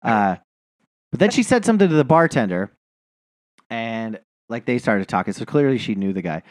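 Male podcast host, casual rambling story, lively pitch swings, dry close sound. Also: normal speed, no echo. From New Jersey. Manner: rambling storyteller, profane, laughs a lot. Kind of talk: casual chat.

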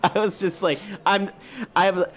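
A man's voice: sits high, steady tone, measured pace, fairly bright tone, a little hiss or hum. A man in casual podcast chat, telling profane stories and acting out his own reactions.

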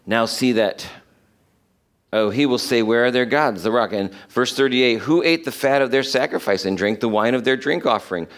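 A man's voice: medium pitch, fairly bright tone. Emphatic male preacher reading scripture. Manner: emphatic, slows down to stress quoted verses. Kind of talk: sermon, reading and explaining scripture.

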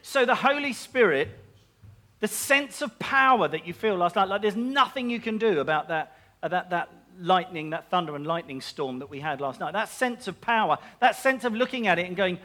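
A man's voice: high voice, expressive, normal speed, pushed and bright. A man preaching a sermon in a chatty, self-mocking way, with jokes and asides.

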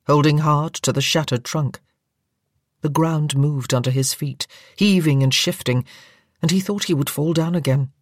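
A woman reading a novel aloud as an audiobook narrator, measured and even-paced. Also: deep voice, dry recording. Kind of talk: scripted narration. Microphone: close studio microphone. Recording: dry studio sound.

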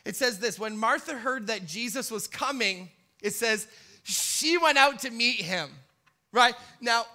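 Male preacher in church, high and sharp-toned, building to passionate delivery. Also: expressive, measured pace. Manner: impassioned, acts out quoted pleas with rising intensity. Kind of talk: sermon.

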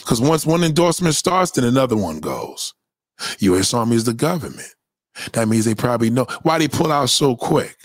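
A man hosting a casual livestream rant, profane and animated, often putting on the voices of the people he quotes. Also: medium pitch, dry recording. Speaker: live stream host.

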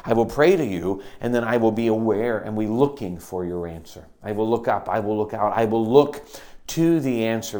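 A man preaching a sermon, earnest, moving between loud emphasis and quiet, intense passages. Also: on the low side, expressive, moderate pace.

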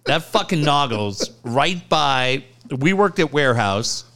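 A man's voice: medium pitch, animated, slow, fairly bright tone. A middle-aged man from the San Diego area, chatting casually on a podcast, rambling and swearing as he goes. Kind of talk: casual chat.

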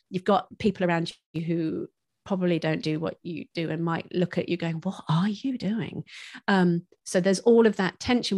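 A woman guest who teaches parenting, talking in an expressive, chatty way and laughing often. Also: lowish voice, no room sound, studio quality. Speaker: parenting instructor, podcast guest. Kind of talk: casual conversational interview.

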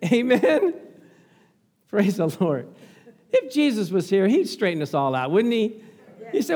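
A man's voice: sits high, unhurried, pauses often. A man preaching a sermon in a church, laughing often and calling out to the congregation. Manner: laughing, animated, talks back to the congregation. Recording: long church reverb.

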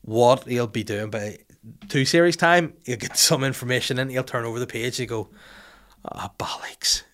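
A man's voice: mid-range voice, fairly quick, fairly bright tone. A man with a Northern Irish accent hosting a casual, joking, sweary chat. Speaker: podcast host.

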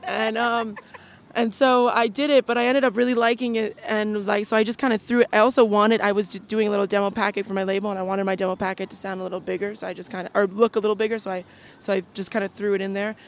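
A woman's voice: mid-range voice, level tone, fast, a little hiss or hum. A young adult woman, a singer, talking casually as a guest in a chatty, rambling way with many fillers. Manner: chatty, full of fillers and restarts. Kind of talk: casual chat.

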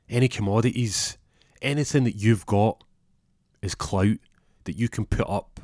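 A man's voice: lowish voice, a little mellow, no room sound, clean studio sound, lightly acted. A man voicing a self-important young detective who rambles off topic. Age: 20s.

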